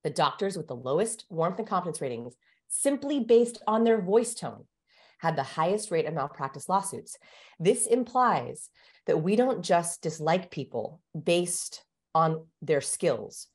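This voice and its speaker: Woman guest with a fairly low voice, explains things energetically like a teacher. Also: big pitch swings, unhurried. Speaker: guest communication researcher. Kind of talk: explanatory interview talk.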